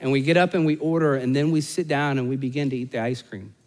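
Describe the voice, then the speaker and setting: A man in his forties preaching a sermon, telling a family story with joking asides to the congregation and swinging from loud, emphatic peaks to hushed, soft passages. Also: medium pitch, steady tone, quick pace, in a large hall. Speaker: pastor.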